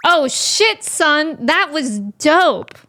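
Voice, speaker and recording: A young woman streamer talks through a game in loose casual chat, giggling and reacting to what she sees. Her voice sits high, and she speaks at an unhurried, slow pace. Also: big pitch swings, pushed and bright. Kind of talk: casual live-stream commentary.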